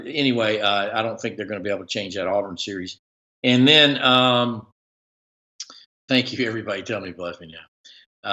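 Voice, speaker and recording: A man's voice: fairly low pitch, sharp tone, dull audio. A man hosting a casual live-stream chat as a sports reporter, rambling with many fillers and restarts.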